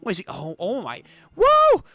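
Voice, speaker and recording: A young adult man hosting a manga read-through, reacting excitedly, swearing and laughing often. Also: sits high, moderate pace, no echo, faint music behind.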